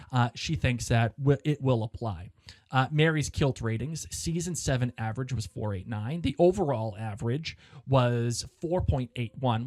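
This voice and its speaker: Excitable man co-hosting a podcast. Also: medium pitch, dry recording. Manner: excitable, fast talking with frequent restarts. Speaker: podcast co-host. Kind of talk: casual chat.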